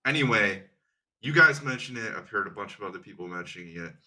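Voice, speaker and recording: A man's voice: lowish voice, animated, quick pace, pushed and bright. A man co-hosting a casual fan podcast, laying out theories and checking facts with questions. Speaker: podcast co-host.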